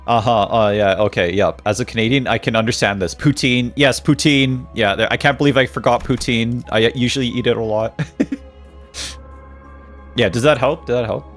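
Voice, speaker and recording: A man streams a story game, voicing its characters one after another and breaking off to banter with viewers. He laughs easily and keeps things playful. Music plays softly behind him. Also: medium pitch, fairly even intonation, moderate pace. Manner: playful, laughs often, reads characters' lines in shifting voices. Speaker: streamer reading game dialogue aloud. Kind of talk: live stream, reading game text and chatting with viewers.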